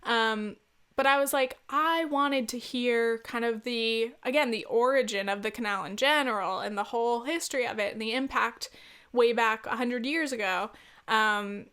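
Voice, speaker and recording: A woman's voice: on the high side, moderate pace, fairly bright tone, clear, resonant tone. A woman hosting a solo podcast, telling a travel story in a chatty, laughing way with casual swearing. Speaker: podcast host.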